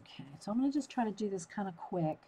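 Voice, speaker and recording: Drawing on a live stream, a Southern US woman chats easily with her audience, addressing viewers by name and laughing frequently. Her mid-range voice is mellow with lively intonation and a fast pace, over a rough recording with slight background noise.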